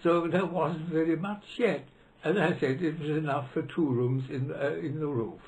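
A man's voice: fairly high pitch, normal speed, darkish tone, rough recording. A man, reminiscing hesitantly in an interview, with many fillers and restarts. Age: 90s. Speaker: interviewee, retired law professor. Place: library room.

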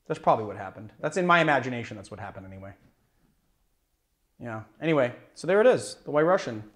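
A man talking casually behind the bar on his cocktail show. He rambles, hedges and corrects himself as he goes, in an easy, mid-pitched voice. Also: very animated, fast talker, fairly bright tone. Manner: rambling, chatty, hedging. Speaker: bartender host.

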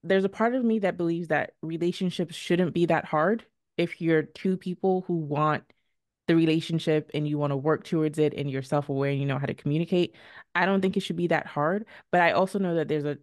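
A podcast host answers a guest in a thoughtful, affirming way, speaking casually at a mid pitch. The recording is dry and close, with no room sound. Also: brisk, no room sound. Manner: reflective, affirming. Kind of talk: casual interview talk.

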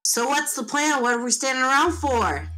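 A woman's voice: sits high, expressive, moderate pace, pushed and bright, voice pushed up, low-quality recording. Woman playing a breezy, cocky young man. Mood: nonchalant. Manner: breezy, cheeky.

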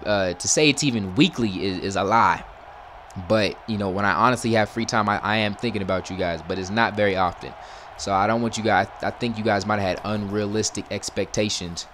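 A young man with a slightly low voice talks casually over a football video game, chatty and relaxed with his audience. He often erupts into loud, exasperated yelling at the plays. A faint hiss of noise sits under the recording. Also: fairly quick. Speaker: gaming YouTuber. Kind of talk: casual gameplay commentary.

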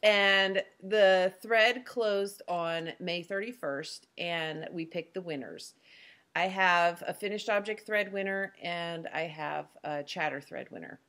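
A woman's voice: lowish voice, takes it slowly, fairly bright tone. A woman co-hosting a knitting podcast, chatting casually and announcing giveaway winners in an upbeat way. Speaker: podcast co-host.

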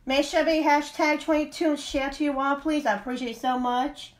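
A woman's voice: high-pitched, steady tone, brisk. A woman chatting playfully on a live stream while selling jewelry. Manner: playful, sing-song, chatty and rambling. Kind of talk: casual live-stream chat.

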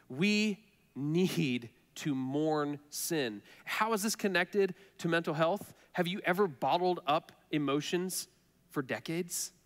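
A man preaching a sermon as pastor, earnest and conversational, repeating phrases for emphasis. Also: on the high side. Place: church sanctuary. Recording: reverberant church hall.

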